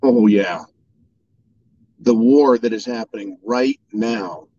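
A man's voice: on the low side, slow, warm tone, muffled recording. A man delivering an angry political monologue, swearing and mocking opponents in sarcastic voices. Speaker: political commentator. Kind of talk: ranting monologue.

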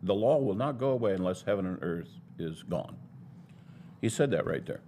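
A man's voice: sits low, lively intonation, normal speed, dark tone, a little hiss or hum. A man teaching a Bible lesson in a sermon style, building his points in an emphatic, argumentative way.

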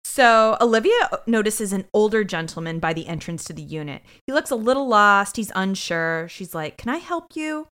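Speaking at a moderate pace with few pauses, this podcast co-host chats through a TV episode recap, lively as she performs the characters' dialogue. Her medium-pitched voice is clear and resonant.

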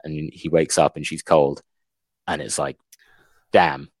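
Deep-voiced young man, chatty. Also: a little slow, breathy edge, no room sound, studio quality. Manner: animated retelling, fillers like "like". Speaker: podcast co-host. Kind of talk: casual book discussion.

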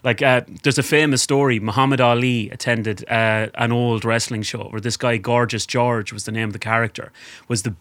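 A man's voice: mid-range voice, steady tone, normal speed, fairly bright tone, no room sound. A man co-hosting a podcast, telling stories confidently in casual chat. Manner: storytelling, confident, adds facts. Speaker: podcast co-host.

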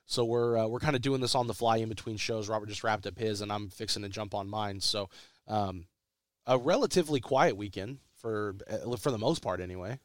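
A man's voice: lowish voice, a little fast, no room sound, studio quality. A man, hosting a casual sports podcast while sick, with a congested voice and a rambling way of repeating himself as he restarts. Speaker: podcast host.

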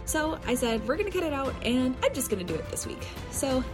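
A woman's voice: sits high, very animated, brisk, music in the background, low-quality recording. A woman who edits the podcast and plays in the game, chatting in a bubbly, casual way. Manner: bubbly, chatty, laughs easily. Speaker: editor and player.

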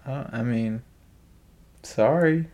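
A man's voice: mid-range voice, slow pace, warm tone. A man co-hosting a podcast in casual chat, giving dry, wry retorts. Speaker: podcast co-host.

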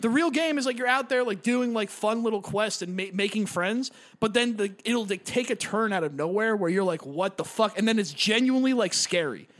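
Brief: young man, high voice, rambling casual chat, swears a lot. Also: animated, brisk, few pauses, fairly bright tone. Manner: rambling, heavy filler words and swearing. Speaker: gamer describing a game.

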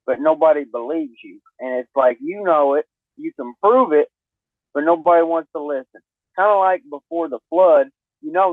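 Man guesting on a podcast, slightly high voice, thin phone-like line, dead-dry sound. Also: no room sound. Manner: earnest, emphatic, repeats himself. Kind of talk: casual podcast talk.

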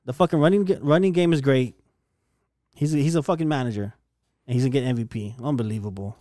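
A man's voice: medium pitch, fast talker, warm tone, no room sound, studio quality. A young man in a casual sports debate, blunt, profane and dismissive.

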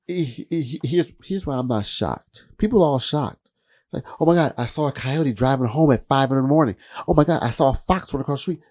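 A man telling rambling, profane stories in a casual comedic monologue, his voice jumping up high when he gets worked up. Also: gravelly, dark tone.

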